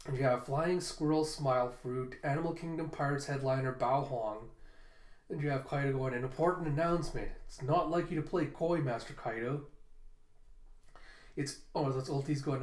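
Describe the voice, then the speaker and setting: A man's voice: medium pitch, normal speed. Echoey man reading manga aloud. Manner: reads dialogue aloud with light character inflections. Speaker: manga reaction reviewer. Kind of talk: casual reading and commentary.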